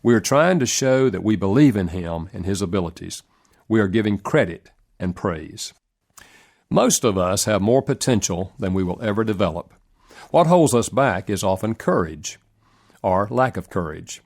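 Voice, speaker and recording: A man reading a relationship self-help audiobook in a measured, earnest narration with lively rises in pitch. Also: gravelly.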